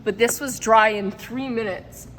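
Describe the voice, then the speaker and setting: Unhurried and fairly bright in tone, a woman with a slightly high voice rambles emotionally to camera in her casual vlog, laughing often. She is a vlogger and product maker, and a little hiss or hum sits in the audio.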